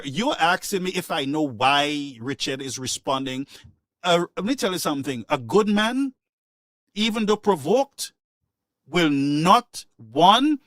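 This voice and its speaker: A radio call-in show host speaks with a fairly high, fairly bright voice, recorded dry with clean studio sound. His opinionated talk is impassioned and preachy, and he repeats his points for emphasis.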